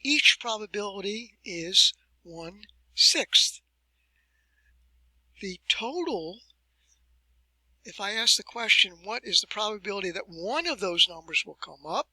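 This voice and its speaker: A man giving a recorded university lecture, explaining step by step with deliberate emphasis and rhetorical questions. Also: high voice, lively intonation, sharp tone, breathy edge, dry recording, rough recording.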